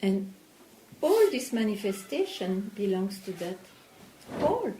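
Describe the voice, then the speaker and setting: A woman spiritual teacher in a satsang dialogue, talking slowly and probing with questions. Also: medium pitch. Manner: slow, probing, questions the listener. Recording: echoey room with faint noise.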